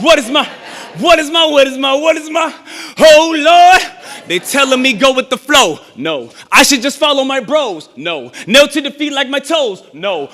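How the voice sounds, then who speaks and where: A young adult man performing spoken word live in a church, moving from conversational storytelling into chanted, shouted verse. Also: very high-pitched. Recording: echoey church hall.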